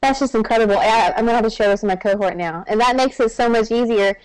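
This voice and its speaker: A woman's voice: fairly high pitch, fast talker, low-quality recording. A woman who is a doctoral student and educator, chatting enthusiastically on a panel. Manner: enthusiastic, eager. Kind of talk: casual panel chat.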